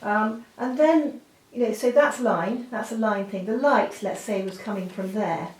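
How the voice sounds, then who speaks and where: A woman's voice: mid-range voice, unhurried, a little mellow. A woman giving a drawing lesson, chatty and full of fillers, often breaking off with apologetic asides. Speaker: art teacher. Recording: roomy, from a distance, faint noise.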